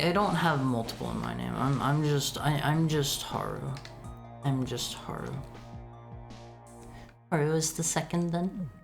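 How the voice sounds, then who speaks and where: A woman's voice: deep voice, creaky. A woman streaming a retro game and chatting casually with viewers, often stammering and repeating her words. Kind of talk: casual chat while playing a retro game. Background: faint game music.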